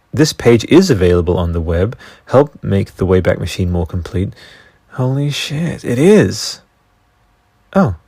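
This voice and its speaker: A man hosting a podcast alone, talking in a casual, excitable and profane way and drifting off on tangents. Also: low-pitched, vocal fry, no room sound. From Australia. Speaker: podcast host. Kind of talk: casual solo podcast rambling.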